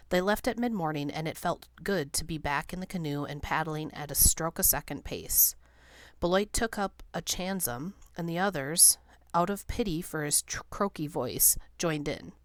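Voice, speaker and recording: A woman reading a novel aloud as an audiobook narrator, in a steady, measured way. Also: fairly low pitch, no room sound. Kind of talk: scripted narration.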